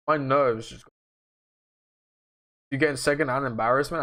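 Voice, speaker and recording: A young man hosts a casual livestream, talking loosely and swearing now and then. He rambles through viewer questions in a self-mocking way, at an ordinary male pitch. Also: fairly even intonation, quick pace, pauses often, sharp tone. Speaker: livestream host.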